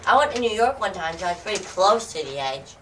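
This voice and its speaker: A woman's voice: mid-range voice, animated, fast talker, fairly bright tone, slight background noise. A woman from the United States vlogging outdoors in a casual, rambling way, joking and getting sidetracked as she greets her viewers. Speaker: YouTuber addressing viewers. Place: outdoors in the cold. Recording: distant mic with faint outdoor ambience.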